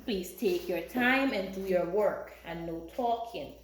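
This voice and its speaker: A woman's voice: medium pitch, measured pace. A woman teaching a lesson to young schoolchildren, speaking in a sing-song, encouraging way and often checking in with "right?". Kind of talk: classroom teaching to young children. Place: classroom. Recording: very echoey room with faint noise.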